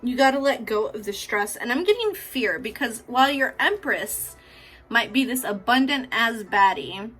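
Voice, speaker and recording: A woman talks through a pick-a-card tarot reading in a loose, chatty way, affectionate and freely profane. Her voice sits fairly high and sounds bright and forward. Faint music plays in the background. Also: lively intonation, normal speed. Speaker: tarot reader.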